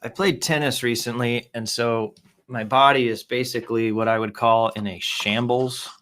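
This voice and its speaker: Man, live-stream host, casual chat, self-mocking, reads comments aloud, medium pitch. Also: fairly even intonation, moderate pace, fairly bright tone, a little hiss or hum. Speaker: livestream host reading social media posts.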